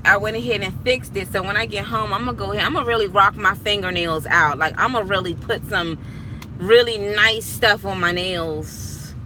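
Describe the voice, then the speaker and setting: A young woman and property manager chatting casually to her viewers, telling stories with frequent laughter, from a parked car on her phone. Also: mid-range voice. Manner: chatty, storytelling, laughs often. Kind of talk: casual live chat to viewers. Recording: street noise from outside the car.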